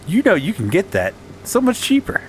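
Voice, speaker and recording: A man putting on the voice of a pushy street salesman, loud and hammy. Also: sits high, wildly swooping pitch, normal speed, slight background noise, pitched above the performer's own voice, rough recording.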